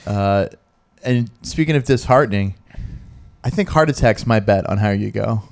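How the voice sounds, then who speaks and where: A man's voice: lowish voice, normal speed, creaky. Teasing man co-hosting a podcast. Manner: teasing, deadpan ribbing. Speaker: podcast co-host. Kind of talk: casual podcast banter.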